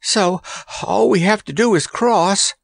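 A man voicing an excitable, eager young boy king in a storybook, exclaiming often. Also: medium pitch, moderate pace, breathy edge, no room sound, full character voice. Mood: excited. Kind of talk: audiobook character voice.

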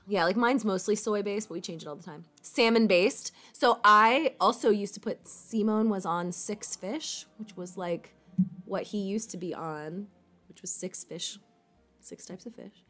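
A woman's voice: mid-range voice, measured pace, fairly bright tone, soft background music. Rambling, casual woman chatting with viewers. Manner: rambling, fillers like "like", casual swearing. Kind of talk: casual chat.

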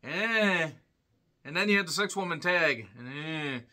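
A man recaps a wrestling show in casual, irreverent talk, full of sarcastic asides and sudden loud outbursts. His voice is very bright and sits a little high. He clears his throat again and again as he goes. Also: lively intonation, unhurried. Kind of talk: casual solo review commentary.

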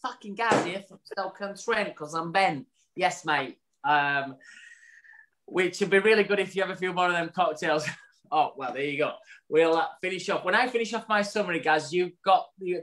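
A man's voice: on the high side, fairly bright tone, slight background noise. A man, co-hosting a podcast in casual chat and wrapping up the episode with an upbeat summary. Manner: chatty, upbeat, wraps up with a summary. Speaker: podcast co-host.

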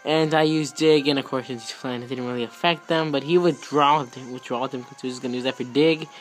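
Young male gaming YouTuber, rambling, fast outbursts, higher-pitched, light music underneath. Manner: excitable, rambling, quick outbursts. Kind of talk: casual game commentary. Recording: faint music behind.

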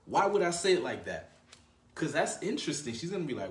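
A man's voice: fairly high pitch, big pitch swings, a little fast, far from the mic, a little hiss or hum. A man coaching viewers in a loose, conversational monologue, checking in with "right?" and calling the listener "bro". His voice sits back from the mic, and the room gives it a noticeable echo. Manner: conversational, frequent "right?" tag questions; slangy, addresses viewer as bro. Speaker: dating coach. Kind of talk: casual advice monologue. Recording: roomy, voice away from mic.

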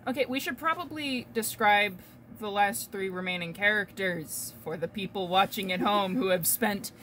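Woman, bright voice, joking player, faint room noise. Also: medium pitch, moderate pace, rough recording. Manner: joking, swears. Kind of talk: casual game banter.

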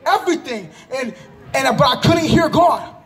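High-voiced man shouting his testimony. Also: lively intonation, normal speed, some chatter behind. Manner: often breaks into shouts with emphatic repetition. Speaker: person giving a religious testimony. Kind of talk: impassioned spoken testimony. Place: outdoors in a public park.

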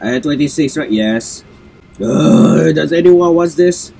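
A gameplay video host narrates his play for viewers in casual commentary, sneezing again and again and apologizing as he talks to them. His voice is a little high, creaky and warm, animated yet measured in pace. He sounds sneezy and congested.

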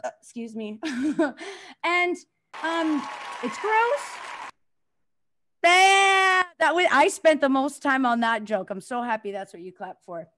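A young woman working a stand-up crowd with a high, bright voice. She is crude and self-deprecating, laughs at her own jokes and banters with the audience between bits. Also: animated, slow, long pauses. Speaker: stand-up comedian. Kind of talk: stand-up comedy set.

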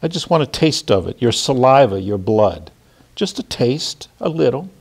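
A man's voice: medium pitch, very animated, normal speed, darkish tone, husky. A man reading a menacing monologue aloud as a sinister seducer who repeats himself insistently.

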